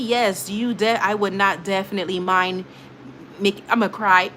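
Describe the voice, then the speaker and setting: A woman hosts a late-night livestream in an easy, middle-pitched voice, chatting straight to her viewers as she reads their comments. She talks animatedly and repeats herself, swinging between gushing and brushing off trolls. A faint hiss of noise sits under the recording. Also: normal speed. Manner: animated, emotional, laughing often, repeats herself. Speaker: livestream host. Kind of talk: casual live chat reading viewer comments.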